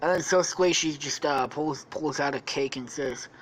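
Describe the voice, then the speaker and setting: A woman's voice: deep voice, moderate pace, breathy edge. A woman hosting a podcast, telling a rambling story in a casual, profane way with lots of swearing. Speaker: podcast host.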